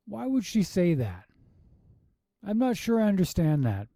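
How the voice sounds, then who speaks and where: Exasperated man with a dark voice. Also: sits high, wildly swooping pitch, no room sound, studio quality. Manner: exasperated rhetorical questions, quick asides. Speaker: yoga teacher reviewing a class video. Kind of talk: casual critique with commentary.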